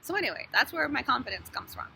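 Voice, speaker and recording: A woman who works as a hairstylist talks casually to the camera, lively and frank, swearing now and then. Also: on the high side, fast, gravelly. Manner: animated, swears, laughs between thoughts. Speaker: hairstylist vlogger. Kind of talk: casual phone monologue. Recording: noticeable background noise.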